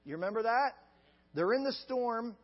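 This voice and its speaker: A man's voice: extremely high pitch, lively intonation, moderate pace. A male pastor preaching a sermon with an emphatic, repetitive cadence. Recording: dull lo-fi sound with long reverb.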